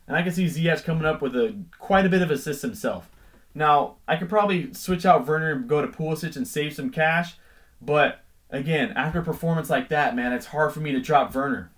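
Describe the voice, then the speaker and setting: A man's voice: on the high side, a little fast. Joking young man talking fantasy football. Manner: jokey, self-deprecating asides. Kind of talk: casual team-selection commentary.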